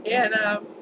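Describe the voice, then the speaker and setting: A woman's voice: mid-range voice, noisy background. A woman vlogger telling a personal story in a chatty, emphatic way, repeating words for stress.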